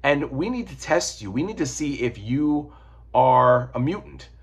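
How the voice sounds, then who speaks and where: A man's voice: mid-range voice, animated, measured pace, gravelly, slightly rough, heavily acted. A man voicing an authoritative older male professor who makes insistent declarations.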